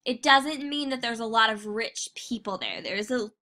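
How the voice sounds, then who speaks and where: A woman teacher talks through a recorded lesson in a loose, chatty way, leaning on fillers as she goes. Her voice is very bright and a touch high. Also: normal speed. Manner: casual, chatty, many fillers. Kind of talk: recorded class lecture.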